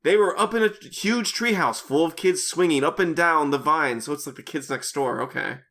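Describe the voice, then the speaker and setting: A man's voice: fairly high pitch, moderate pace, pushed and bright. A man co-hosting a comedy podcast, reading fanfiction aloud with wry, laughing asides.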